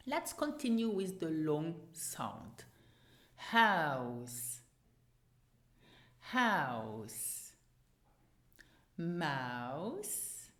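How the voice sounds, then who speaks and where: Slow Luxembourgish woman teaching pronunciation. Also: mid-range voice, reverberant. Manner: slow, deliberate, repeats words for practice. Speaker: language teacher. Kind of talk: pronunciation lesson.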